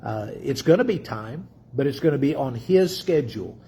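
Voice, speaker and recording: A man's voice: mid-range voice, lively intonation, moderate pace, warm tone, slight background noise. A man from Dallas, preaching a conversational teaching sermon and asking his congregation questions. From Dallas, Texas. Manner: conversational, with filler words and restarts, asks the congregation questions. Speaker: pastor.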